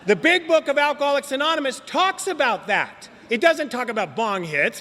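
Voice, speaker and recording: A man's voice: very high-pitched, sing-song, normal speed, sharp tone, slight background noise. A man telling his story at a recovery meeting in a joking, slangy way, talking straight to the audience. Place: meeting hall. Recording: long hall reverb.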